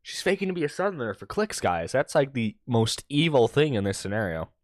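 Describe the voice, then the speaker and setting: A man hosts a casual stream at a mid pitch, gossiping and laughing as he reads posts aloud. His voice sits dry and close to the mic. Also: big pitch swings, brisk, no room sound. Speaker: internet radio host.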